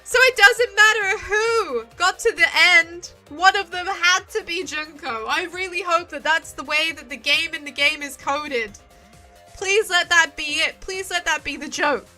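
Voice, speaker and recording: A woman's voice: extremely high pitch, unhurried, sharp tone, faint music behind. A woman streamer giving live commentary on a story game, ranting in exasperation, swearing and pleading at the screen. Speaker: streamer playing a visual novel. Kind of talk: live let's-play commentary.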